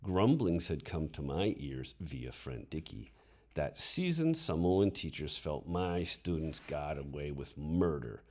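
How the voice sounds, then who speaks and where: Deep, slow, dramatic male storyteller. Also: very animated, a little mellow. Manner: dramatic, with voiced inner thoughts. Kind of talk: reading a memoir story aloud.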